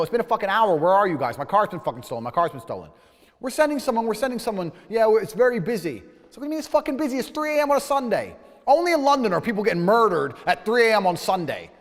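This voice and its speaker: A man tells a story in an indignant rant, swearing freely as his pitch leaps up and down. His voice sits a little high for a man, and a long reverb trails behind it. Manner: indignant, profane, ranting. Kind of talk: heated anecdote.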